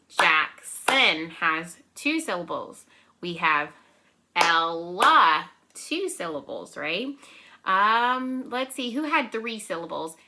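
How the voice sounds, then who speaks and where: A young woman teaches small children from home in a bright, clear voice that sits a little low. She speaks gently and encouragingly, slows down to count and clap out syllables, and keeps checking in with her listeners. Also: a little hiss or hum. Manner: counts and claps out syllables slowly. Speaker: preschool teacher. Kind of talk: remote circle-time lesson for young children.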